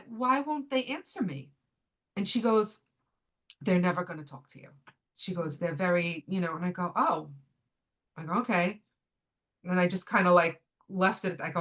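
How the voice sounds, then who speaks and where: A woman in her fifties who is a podcast guest, telling a personal story in a lively way and acting out the dialogue with "I go" and "she goes" quotes. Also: mid-range voice, muffled recording. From New York City. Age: 50s. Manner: chatty, with frequent fillers and restarts.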